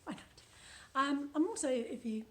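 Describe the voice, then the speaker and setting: A British woman reads aloud from a book she wrote, adding playful, chatty asides as she goes. Her voice sits a little high. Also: animated, moderate pace. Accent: British English. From United Kingdom. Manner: chatty and playful, laughs at her own lines. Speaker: author reading from her own book. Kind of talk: casual book reading with commentary.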